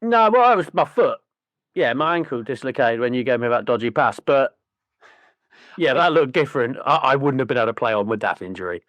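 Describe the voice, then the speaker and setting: Swearing freely and slipping into character voices, a man co-hosting a podcast spins stories in casual conversation. His medium-pitched voice moves fairly quickly, and the recording has no room sound.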